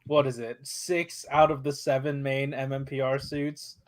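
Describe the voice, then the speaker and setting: A man's voice: mid-range voice, level tone, moderate pace. A man in a casual chat among friends, chatty and joking, laughing often.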